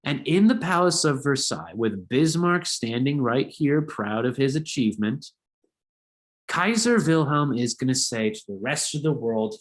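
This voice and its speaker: A man's voice: mid-range voice, animated, moderate pace. A man teaching a history lesson in a casual, conversational style with jokey asides. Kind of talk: casual lecture video.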